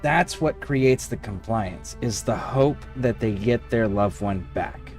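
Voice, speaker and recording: A man streaming a video game, chatting casually with viewers, swearing freely and thinking out loud while he plays. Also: fairly low pitch, slow, faint music behind. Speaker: livestreamer. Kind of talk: casual gaming livestream chat.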